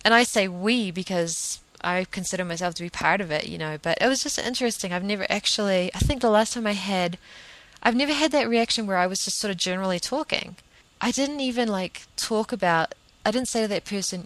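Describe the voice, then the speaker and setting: A woman's voice: mid-range voice, fast, fairly bright tone, no room sound, low-quality recording. A woman, hosting a solo podcast in an earnest, emphatic, rambling way. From New Zealand. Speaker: podcast host.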